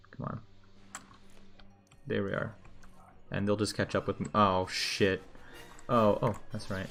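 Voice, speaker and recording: A man's voice: fairly low pitch, flat delivery, slow, creaky, long pauses, a bit bright. A young man streaming a video game, muttering casual, profane, sarcastic commentary as he plays.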